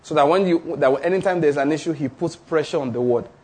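Man, sermon, husky voice, fairly high pitch, emphatic, repeats lines for weight. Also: fast, darkish tone. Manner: emphatic, repeats declarations, asks the audience questions. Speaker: preacher.

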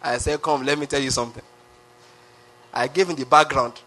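A man's voice: mid-range voice, fairly even intonation, fairly quick, sharp tone. A man preaching a sermon, emphatic, with lots of repetition and rhetorical questions. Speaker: pastor.

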